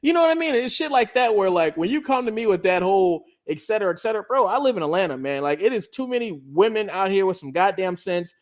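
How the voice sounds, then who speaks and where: A man telling a story in casual chat, animated and profane, acting out the other people's lines. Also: high voice, fast, hardly any pauses.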